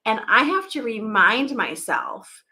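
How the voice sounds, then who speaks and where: Chatty bright-voiced woman host. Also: a little high, big pitch swings. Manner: chatty, rambling, quick to laugh. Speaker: podcast host. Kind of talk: casual live chat.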